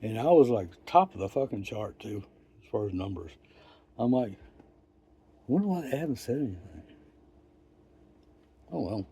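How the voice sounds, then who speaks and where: An older man telling a rambling story in a profane, folksy, wry way, with pauses and restarts. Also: lowish voice, sing-song, mellow, slightly rough. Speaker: vlogger. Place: outdoors.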